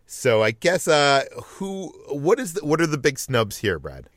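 A man moderating a film podcast, brisk as he runs through lists and hands off questions. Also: fairly high pitch, sing-song, a bit bright, dry recording, clean studio sound. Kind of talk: casual chat.

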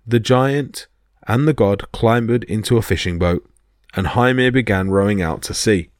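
A man's voice: lowish voice, normal speed, no echo, studio quality. A man narrating myths as a podcast storyteller, reading expressively. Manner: expressive reading that voices each character.

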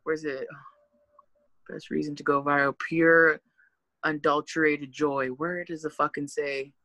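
A woman co-hosts a casual podcast in a lowish voice, loud and profane, her pitch leaping up and down as she riffs. The sound is dry and close, with no room around it. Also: little pitch movement, measured pace, no room sound, low-quality recording. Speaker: podcast co-host.

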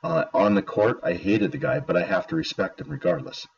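A man's voice: medium pitch, very animated, brisk, gravelly. A man co-hosting a casual podcast, rambling with plenty of fillers and emphatic opinions. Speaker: podcast co-host. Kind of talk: casual chat. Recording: dull lo-fi audio.

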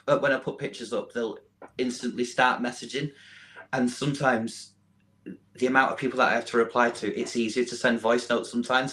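A man with a Mancunian accent, chatting casually as an interview guest, self-deprecating and quick to laugh. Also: medium pitch, a bit bright, rough recording. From England.

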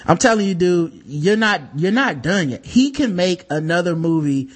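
A man's voice: sits high, expressive, normal speed. A man hosting a podcast, reading news stories aloud in casual chat, joking and profane, laughing as he reads. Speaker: podcast host.

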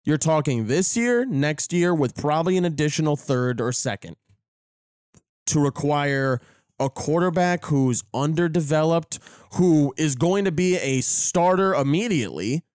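Animated, laughing man talking sports. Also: on the high side, no room sound, clean studio sound. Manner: animated, laughing often, halting restarts. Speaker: podcast co-host. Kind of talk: casual sports chat.

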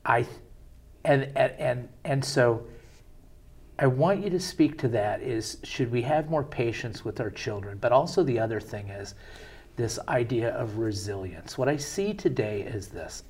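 Husky-voiced man hosting an interview. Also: medium pitch. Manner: conversational storyteller, rambling with fillers. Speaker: interview host and parent. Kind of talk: interview conversation.

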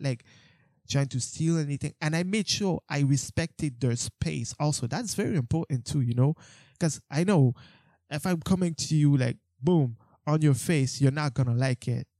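A man's voice: a little high, warm tone, no room sound, clean studio sound. A young man telling a story about his street photography in a casual, rambling way, with lots of fillers, restarts and some swearing. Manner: swears when exasperated.

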